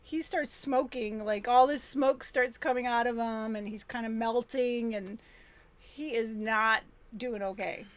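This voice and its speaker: A woman's voice: fairly high pitch, steady tone, measured pace. Chatty woman retelling a film. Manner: retells film scenes with laughs, mimicking characters. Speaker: podcast co-host. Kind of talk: casual movie chat.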